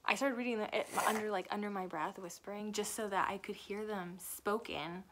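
A woman's voice: mid-range voice, fairly even intonation, fairly quick, very noisy. A young adult woman and author giving a chatty, rambling book review that often corrects itself. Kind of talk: casual book review chat.

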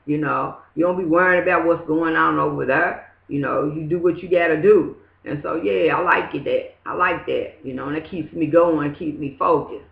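A woman's voice: deep voice, fairly quick, vocal fry. A woman shares a loose, rambling testimony, leaning constantly on "you know" and "you know what I'm saying". Her voice bounces around a roomy space. The recording is dull and lo-fi. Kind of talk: casual spoken testimony. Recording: echoey, dull lo-fi room sound.

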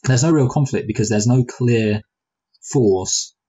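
A film review podcast co-host talks at a measured pace in a medium-pitched, mellow, slightly rough voice, recorded muffled. He rambles hesitantly through the chat, restarting often and making playful speculative asides.

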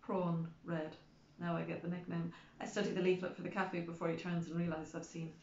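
A woman's voice: lowish voice, little pitch movement, fairly quick, few pauses, a little mellow. Woman reading a story, wry and chatty, echoey room, kinda dull sound. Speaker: audiobook narrator. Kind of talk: first-person scripted narration. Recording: roomy, slightly dull recording.

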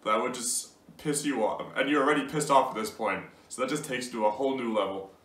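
A man's voice: mid-range voice, fast, a bit bright. A young man giving casual gaming commentary, amused and incredulous, laughing often as he reacts. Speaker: gaming YouTuber. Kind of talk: casual commentary reading out messages. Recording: roomy sound from a distant mic.

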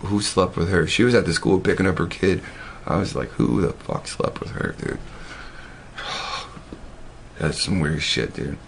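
A man's voice: low voice, vocal fry, a little hiss or hum. A man telling a long, loose story in casual, profane everyday talk, full of restarts and asides.

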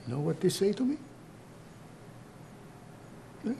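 A proud, grave old mob grandfather, as a man puts him on, with a thick Italian accent, pitched a little high. He talks in halting, broken English and slips into Italian. Faint hiss sits under the voice. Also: sing-song, gravelly, warm tone, heavily acted. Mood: grave storytelling. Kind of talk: comedy sketch monologue.

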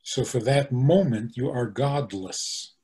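A man, a rabbi, giving an animated teaching talk, posing rhetorical questions and answering them himself. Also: mid-range voice, takes it slowly. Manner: animated, acts out the angry voices he quotes.

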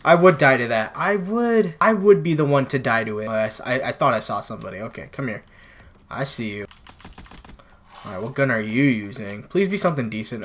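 A man's voice: mid-range voice, fairly bright tone. A man commentating his own gameplay for viewers on a new microphone, frustrated and exclaiming as he plays. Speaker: gaming channel host. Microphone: new desktop microphone.

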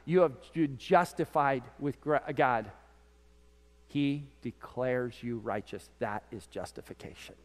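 A man preaching a sermon as pastor to his congregation, animated, his voice swinging from loud peaks to quiet lows. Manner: animated preaching, voice rising and dropping sharply. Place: church sanctuary. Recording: church sanctuary with long reverb.

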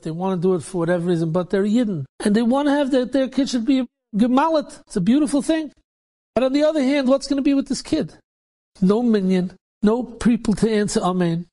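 A man's voice: sits high, mellow, lightly acted. A man voicing an earnest older male mohel who stammers and pleads, in a retold story. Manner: stammering and imploring.

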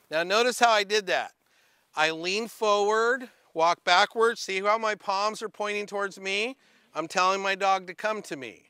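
Guy running a dog training workshop, highish bright voice, direct and hands-on. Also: smooth, dry recording, studio quality. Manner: direct, demonstrative coaching. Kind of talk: workshop instruction.

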